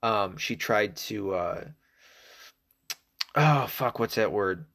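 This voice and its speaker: Profane rambling Southern man, lowish voice. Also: animated, slow pace, vocal fry, a bit bright. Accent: faint Southern US. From Arkansas, US South. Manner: profane, rambling, with many restarts. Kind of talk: casual rambling monologue.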